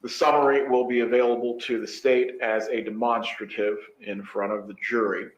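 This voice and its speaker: A male judge delivering a ruling in a courtroom, measured and dry with a wry edge. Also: medium pitch, flat delivery, highs cut off. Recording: echoey courtroom audio.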